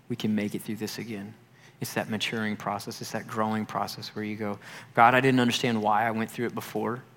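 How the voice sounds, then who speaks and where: With a fairly low pitch, this young man, a youth pastor, tells a personal story in his sermon and animatedly performs the voices of the people he quotes. A long hall reverb surrounds him.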